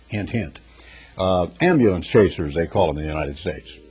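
A man's voice: low-pitched, moderate pace. A man preaching a conversational sermon in a folksy way, reading scripture in a raised, ringing tone and acting out the people he quotes. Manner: folksy, acts out quoted people in lively voices. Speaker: pastor.

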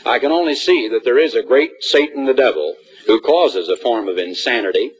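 A man's voice: medium pitch, expressive, brisk, breathy edge, poor audio. A man speaking to new college students in an auditorium, giving a folksy assembly address and acting out little scenes.

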